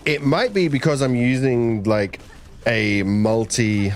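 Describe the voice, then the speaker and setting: A young man chats to his stream viewers while he plays, rambling, joking with himself and now and then breaking into silly voices. His voice sits fairly low and moves through a wide, animated range, and he talks at an unhurried pace. Quiet game music plays underneath. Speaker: streamer for an esports team. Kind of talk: casual live-stream chat while gaming.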